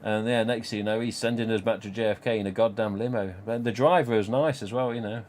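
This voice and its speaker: Rambling low-voiced man. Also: fairly even intonation, quick pace, darkish tone, a little hiss or hum. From Nottingham, England. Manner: rambling, swears freely, laughs at own jokes. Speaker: live stream host. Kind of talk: casual storytelling chat.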